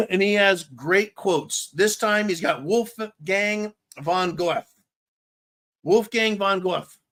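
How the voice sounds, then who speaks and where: A man ranting bluntly through a casual live-stream monologue, his voice sitting a bit high for a man. He swears freely and slurs a little now and then, tongue-tied after a couple of drinks. He talks straight to his viewers like a show host. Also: slow pace, fairly bright tone. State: slightly tipsy, tongue-tied. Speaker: livestream host.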